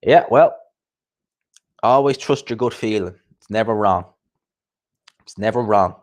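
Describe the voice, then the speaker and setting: A man hosting a casual livestream chat, chatty and quick to laugh, often repeating himself and swearing. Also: fairly low pitch, darkish tone. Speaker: host.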